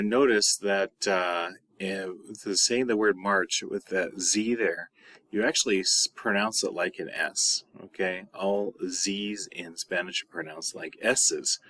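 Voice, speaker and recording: A man teaching a recorded video lesson as a high school Spanish teacher, patient and repeating words slowly. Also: steady tone, sharp tone, no echo.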